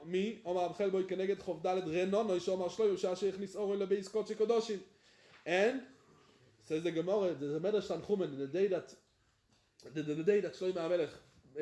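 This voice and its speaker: A rabbi teaching Talmud, chanting the text and then explaining it in plain talk. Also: male voice, sits high, mellow, echoey room. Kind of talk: Talmud lesson, reading and explaining.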